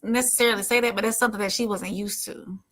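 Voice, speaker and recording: Bright-voiced woman making her point. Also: medium pitch, steady tone, fast. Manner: earnest, explains her view. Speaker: podcast guest. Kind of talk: casual group chat.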